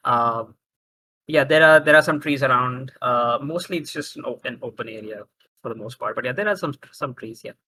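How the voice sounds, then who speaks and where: A man narrating as game master of a tabletop role-playing game, talking in halting bursts with many restarts. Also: mid-range voice, bright, forceful tone, low-quality recording.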